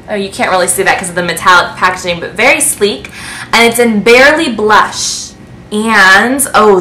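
A woman in a casual beauty vlog, unboxing gifts to camera and gushing with excitement. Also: a little high, slight background noise. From United States. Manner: gushing, excitable, breathless with delight. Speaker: beauty vlogger. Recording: echoey room.

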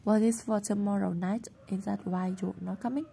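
A woman reading the part of a brisk, prying female housemistress in a storybook, with a husky voice. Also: mid-range voice, fairly even intonation, mellow, slight background noise, lightly acted.

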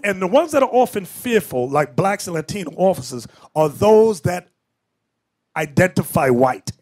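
A man preaching as a bishop in an emphatic, animated lecture style with off-the-cuff asides. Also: a little high. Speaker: bishop and teacher.

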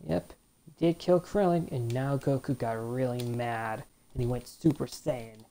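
Gaming host, woman, very low and gravelly, chatty play-by-play. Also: a little slow, dark tone. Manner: chatty, reacts to the game, reads on-screen text aloud. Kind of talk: let's play commentary.

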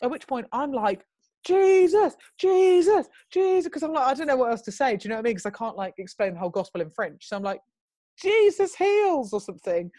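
A young adult woman, a guest telling a lively story and quoting herself in loud, high bursts. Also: very fast, hardly any pauses, no echo, studio quality. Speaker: interview guest. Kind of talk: animated storytelling.

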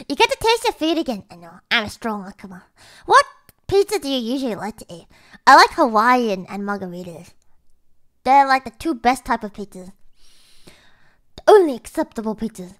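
A woman's voice: a little high, very animated, moderate pace. A woman streamer in casual livestream chat, reading chat aloud and swearing casually. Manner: swears casually, breaks into loud laughter.

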